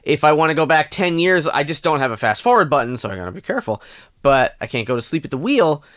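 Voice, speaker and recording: A man co-hosts a casual podcast, rambling through jokes and cursing freely. His voice moves with lively ups and downs in pitch. It is recorded close and dry. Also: quick pace, no room sound. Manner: joking, rambling, swears casually. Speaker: podcast co-host. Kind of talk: casual comedic chat.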